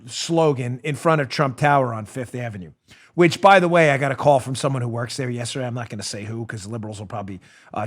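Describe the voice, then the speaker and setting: A man hosting a political commentary show, ranting in a sarcastic, mocking way. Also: medium pitch. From New York. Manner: sarcastic, mocking, animated rant. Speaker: host.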